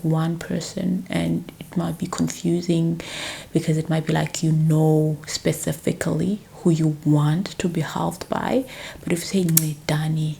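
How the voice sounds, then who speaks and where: A young woman teaches in a hushed ASMR whisper, lingering over each repeated word at an unhurried pace. Her low voice carries a gravelly fry. A faint hiss sits under the quiet home recording. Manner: whispered, soft and slow, repeating words.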